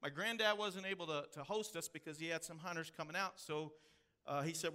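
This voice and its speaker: A man's voice: a little high, steady tone, a little fast, sharp tone, clean tone. A man from the Texas hill country with a Texan accent, preaching a sermon as pastor in folksy storytelling style. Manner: folksy storytelling with drawled phrases.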